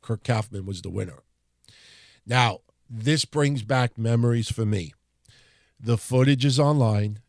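A man's voice: mid-range voice, smooth, no room sound, studio quality. A man with a New York accent, hosting a podcast and casually recounting wrestling history in a rambling, profane way. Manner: conversational, profane, rambling with restarts. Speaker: podcast host.

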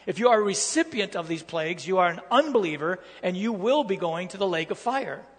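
A man's voice: high voice, expressive, fairly quick, slightly rough, long reverb tail. A man preaching a sermon, reading scripture aloud with emphatic, repetitive phrasing.

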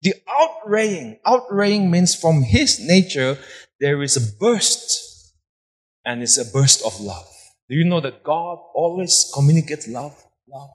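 Impassioned preacher in echoing hall. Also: male voice, fairly high pitch, expressive, takes it slowly. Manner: impassioned preaching, swinging from soft to loud, repeating phrases for emphasis. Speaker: pastor. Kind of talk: sermon. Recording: long hall reverb.

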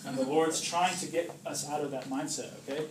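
A man's voice: on the high side, fairly even intonation, fairly quick. A man giving an informal sermon to a small group, chatty and joking, asking "right?" often. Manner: chatty, jokes and acts out voices, asks "right?" often. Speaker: preacher. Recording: roomy distant recording with background noise.

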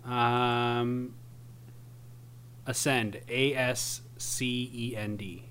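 Young Minnesotan podcast co-host, bright and relaxed, faint hum behind. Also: male voice, mid-range voice. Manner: relaxed, teasing, spells slowly. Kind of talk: casual chat, spelling bee game.

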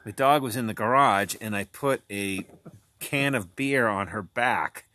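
A man from New Hampshire in a loose podcast chat, with a bright, forceful edge to his voice. He tells jokey stories and acts out the lines he quotes. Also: lowish voice, a little slow. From Laconia, New Hampshire. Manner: joking storyteller, acts out quotes. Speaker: podcast co-host. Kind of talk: casual chat.

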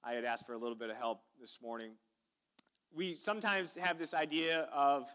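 Brisk and expressive, this pastor's medium-pitched voice sounds clean and fairly bright. He delivers a chatty, folksy sermon in the sanctuary with frequent call-outs to the people listening.

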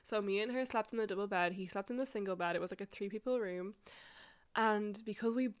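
A woman's voice: mid-range voice, a little fast. A young woman vlogger casually telling a long story, rambling, swearing and laughing often.

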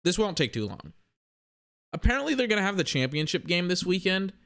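A man's voice: high voice, big pitch swings, fairly quick, a bit bright. A young man in a casual, rambling sports rant that is profane and full of self-corrections.

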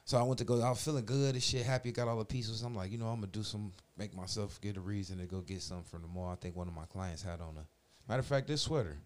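A man's voice: fairly low pitch, quick pace, hardly any pauses, slight background noise. A man in his forties telling a long story in casual chat, full of slang and swearing, acting out the voices of the people in it. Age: 40s. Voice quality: profane slangy street talk, animated retellings.

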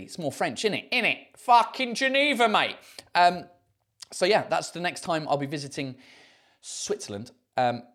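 A man from England, a comedian, chatting casually on a livestream, rambling and self-mocking as he reads viewer comments. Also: fairly high pitch. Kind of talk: casual live chat reading comments.

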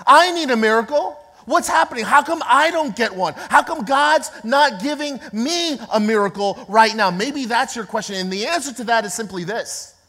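A woman pastor preaching an emphatic, repetitive sermon that builds to shouts. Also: on the high side, expressive, moderate pace, hardly any pauses. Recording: long reverb of a large hall.

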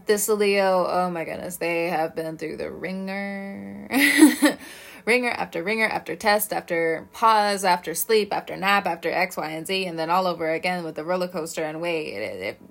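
Chatty woman reading tarot, laughing often. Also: mid-range voice. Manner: rambling, chatty, laughs often mid-sentence. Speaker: tarot reader. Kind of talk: casual storytelling and tarot reading.

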